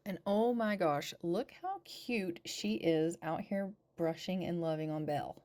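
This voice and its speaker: With a fairly low, slightly mellow voice, this woman talks at a measured pace and barely pauses. She hosts a gaming channel, recording on a home voice-over mic as she plays a life-simulation game and chats and coos at her characters.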